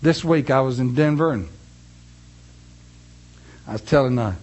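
In a sermon, a man with a mid-range, darkish voice reads scripture slowly and emphatically before telling his congregation a folksy story. The audio sounds dull.

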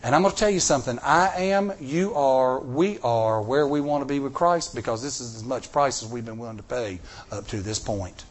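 A middle-aged man preaching a sermon, telling personal stories with animated, emphatic delivery. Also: medium pitch, moderate pace, hardly any pauses. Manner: animated, rising to emphatic peaks. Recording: recorded sermon tape.

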